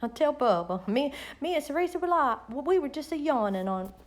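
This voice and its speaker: Woman, middle-aged, folksy rambling chat, live stream host, slightly high voice. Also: big pitch swings, fairly quick. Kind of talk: casual chat with viewers.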